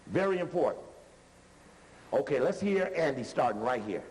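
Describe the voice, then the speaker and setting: A man giving a lecture while commenting on video playback, animated and conversational, using street-talk grammar. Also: medium pitch, moderate pace. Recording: reverberant hall with faint noise.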